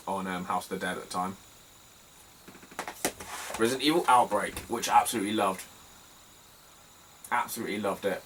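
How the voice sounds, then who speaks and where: A man's voice: medium pitch, bright, forceful tone, far from the mic, slight background noise, rough recording. British man rambling through a vlog. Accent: British English. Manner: rambling, swears freely, laughs through anecdotes. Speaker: retro game collector vlogger. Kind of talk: casual vlog.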